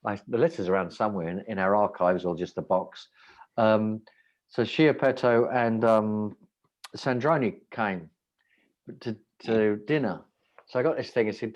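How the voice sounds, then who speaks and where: A restaurant owner tells wry, rambling stories in a casual chat, often breaking off and starting over. His voice is lowish and fairly quick, and the recording sounds muffled.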